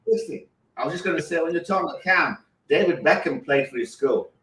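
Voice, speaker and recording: A man with an English accent, a physical therapist guest, explaining briskly and using analogies. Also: a little high, expressive, a bit bright, recorded from a distance. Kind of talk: explaining on live radio. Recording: roomy, off-mic with faint ambience.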